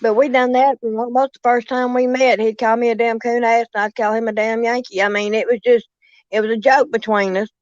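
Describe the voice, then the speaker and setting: A woman's voice: fairly high pitch, flat delivery, brisk, no room sound. A woman with a Southern US accent in a casual chat, drawling and calling people honey and darling. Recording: dry, muffled lo-fi sound.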